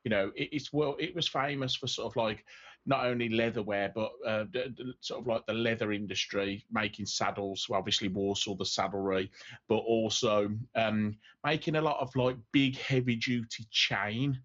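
A man's voice: on the low side, steady tone, moderate pace, a bit bright, lo-fi sound. A man co-hosting a podcast, explaining things in a rambling, hesitant way. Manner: rambling explanations full of restarts. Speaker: podcast co-host. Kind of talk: casual chat.

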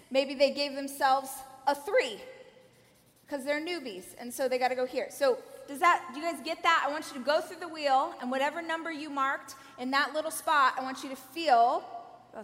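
A woman in her thirties giving an energetic conference keynote, coaching the audience with direct questions. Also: high voice. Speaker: keynote speaker. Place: large conference hall. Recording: reverberant hall.

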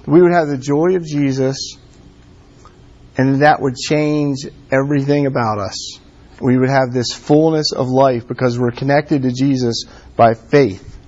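A man preaching a casual, conversational sermon, filling his talk with "like" and "um" and pressing his points with warm emphasis. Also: medium pitch, fairly even intonation, unhurried. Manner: conversational, many fillers like "like" and "um". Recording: dull lo-fi sound.

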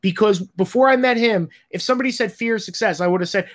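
A film director speaks frankly in an interview, blunt and exasperated, swearing freely and acting out the conversations he describes. His voice is high and quick, with hardly any pauses.

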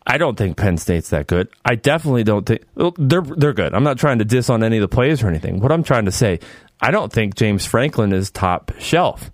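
Lively opinionated male podcast host. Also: lowish voice, brisk, no room sound, studio quality. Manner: animated, opinionated, rambling asides. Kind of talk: casual sports podcast chat.

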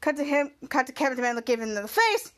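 A woman hosting a podcast walks through a TV episode scene by scene. Her voice is high, and she talks in a halting way, repeating phrases and restarting sentences. The tone stays casual throughout. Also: big pitch swings, a bit bright. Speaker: podcast host.

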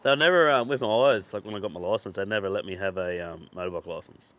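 A man's voice: fairly low pitch, quick pace, fairly bright tone. A man hosting a podcast, telling a long, rambling anecdote in casual chat, swearing freely and laughing through his stories. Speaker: podcast host.

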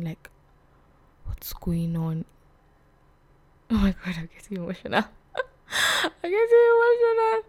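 A young woman, telling a personal story on her vlog in a soft, hesitant way that often drops to a whisper. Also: on the low side, gravelly. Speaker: vlog host.

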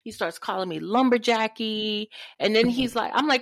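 A woman's voice: fairly high pitch, moderate pace, no room sound. A woman co-hosting a podcast, telling a dating story in casual chat and acting out what people said. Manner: animated storytelling, acts out quotes. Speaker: podcast co-host.

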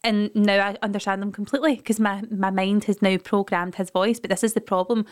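A woman with a Glaswegian accent co-hosts a casual podcast chat. She talks in an animated, ranting way, and her voice comes across smooth and clear. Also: mid-range voice, fairly quick. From Scotland. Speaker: podcast co-host.

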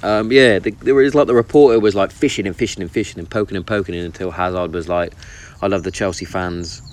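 Talking fast in a fairly low pitch, this vlogger shares loose, sweary, opinionated views on football in a casual chat. He's out in the countryside, where birdsong and open-air ambience fill the background.

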